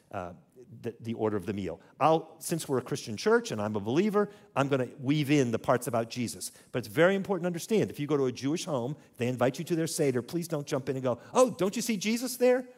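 A man's voice: mid-range voice, animated, brisk. A man teaching a church audience in a conversational way, asking them to repeat words after him. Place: church hall.

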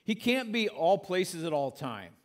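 A man with a slightly higher voice delivers a relaxed, conversational sermon. He reads scripture aloud and unpacks it plainly for his listeners, now and then dropping in a corny joke. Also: measured pace. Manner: conversational preaching with corny jokes. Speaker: pastor.

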